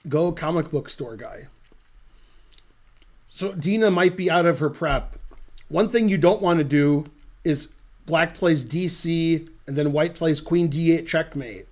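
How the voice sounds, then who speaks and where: A man's voice: a little high, measured pace. Rambling, dry-humored man commentating chess. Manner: rambling, dry, digressive storytelling. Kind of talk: casual live chess commentary.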